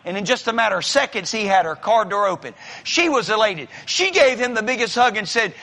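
Very animated and brisk, a high-pitched male pastor fills a church sanctuary with a bright, forceful sermon. He spins folksy tales and voices the people in them, and a large hall's long reverb surrounds every word.

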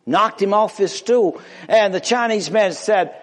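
A man preaching a sermon with an emphatic, drawn-out pulpit delivery. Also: sits high.

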